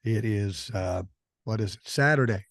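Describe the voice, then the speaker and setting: A man's voice: on the low side, moderate pace, fairly bright tone, no echo, studio quality. An older man hosting a podcast, talking in casual, blunt and profane chat while he has a cold. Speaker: podcast host.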